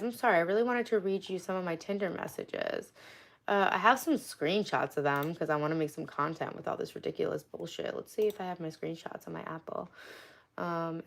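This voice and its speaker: A woman's voice: fairly low pitch, moderate pace, vocal fry. A young woman hosting a casual livestream, reading out chat and dating-app messages with a sarcastic, swearing manner. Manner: sarcastic, profane, reads chat and messages aloud. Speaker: livestream host.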